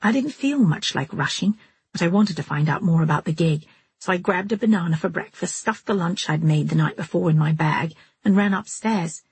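Husky low-voiced woman narrator. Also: moderate pace, a little mellow. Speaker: audiobook narrator. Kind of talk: scripted first-person narration.

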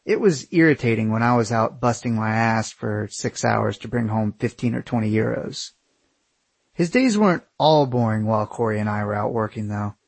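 Husky man narrating a memoir. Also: lowish voice, animated, normal speed, no echo. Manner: wry, candid, casual swearing. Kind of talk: first-person memoir narration.

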